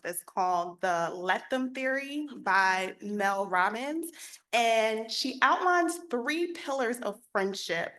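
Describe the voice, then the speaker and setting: Female moderator with a bright, clear tone who poses questions in a measured way. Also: mid-range voice. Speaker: panel moderator. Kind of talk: moderating a panel discussion.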